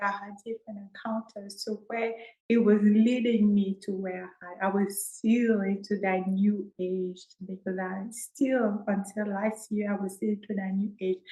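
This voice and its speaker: A woman's voice: fairly low pitch, darkish tone. Earnest woman telling her story, echoey room. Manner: earnest, halting, with restarts and fillers. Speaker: self-help coach sharing her personal story. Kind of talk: emotional personal testimony.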